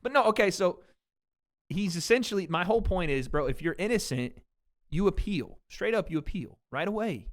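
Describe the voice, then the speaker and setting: Higher-pitched man hosting casual commentary. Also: moderate pace. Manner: animated, reads statements aloud then riffs with laughter. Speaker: podcast host.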